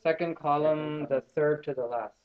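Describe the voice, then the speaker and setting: Guy teaching arabic to a class, kinda high voice, muffled classroom recording. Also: steady tone, moderate pace. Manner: drills students with call and response. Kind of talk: classroom lesson.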